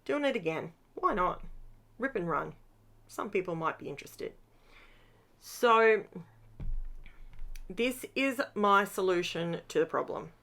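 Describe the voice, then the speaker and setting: A woman's voice: medium pitch, lively intonation, takes it slowly, vocal fry, pauses often, fairly bright tone. A middle-aged woman, chatting casually as she narrates her scrapbooking, tired after a long day. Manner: chatty, upbeat, rambling asides. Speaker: craft vlogger.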